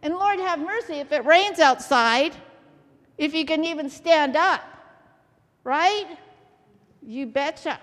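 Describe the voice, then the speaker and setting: A woman's voice: high voice, measured pace, long pauses, a bit bright. A woman preaching a sermon, asking the congregation questions often and keeping them involved. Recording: long hall reverb.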